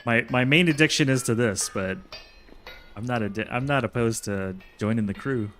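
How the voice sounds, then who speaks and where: A man's voice: medium pitch, animated, a little fast, a bit bright, a little hiss or hum. A man streaming a survival game, chatting to himself in a jokey way and laughing often. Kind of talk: casual gameplay commentary.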